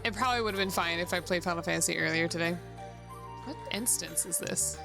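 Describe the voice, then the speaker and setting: A woman's voice: on the low side, quick pace, creaky, over music. A woman streaming a game, chatting casually with her viewers and laughing often. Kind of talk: casual gameplay chat.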